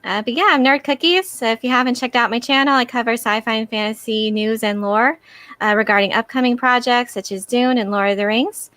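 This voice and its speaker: Female panelist, slightly high voice, giggly and friendly, dry close sound. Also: fairly even intonation, fairly quick, fairly bright tone, dry recording. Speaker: podcast panelist, YouTuber. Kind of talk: casual live-stream chat.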